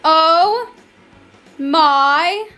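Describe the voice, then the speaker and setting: A woman's voice: extremely high pitch, drawn-out words, sharp tone, faint music behind. A woman, chatting in a rambling, emotional way as she records commentary over her own game. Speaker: gaming YouTuber.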